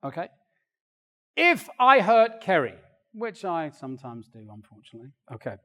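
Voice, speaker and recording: An older man preaching a sermon in a church, animated and acting out quoted voices. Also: sits high, normal speed. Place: church hall. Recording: long reverb of a church hall.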